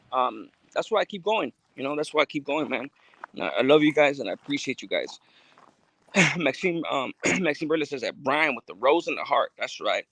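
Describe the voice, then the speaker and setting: A man's voice: fairly high pitch, fairly bright tone, poor audio. A man, chatting casually on a livestream as he reads and answers viewer comments, laid-back and full of slang and fillers. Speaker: YouTuber reading live chat.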